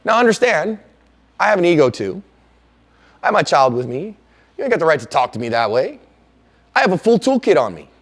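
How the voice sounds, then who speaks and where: A man's voice: fairly high pitch, a little fast, long pauses. A middle-aged man teaching a self-defense class, telling stories and acting out the lines of the people in them. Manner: animated storyteller, acting out quoted lines loudly.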